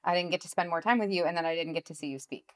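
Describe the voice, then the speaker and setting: A woman hosting a podcast, chatting casually with a guest, bubbly and quick to laugh. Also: lowish voice. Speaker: podcast host.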